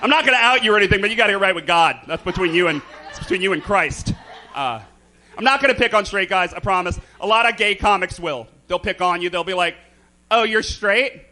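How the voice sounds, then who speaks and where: A man doing campy, theatrical stand-up comedy in a club, throwing quick asides to the crowd. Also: high voice, sharp tone, slight background noise. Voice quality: slight lisp. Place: comedy club stage with a live audience.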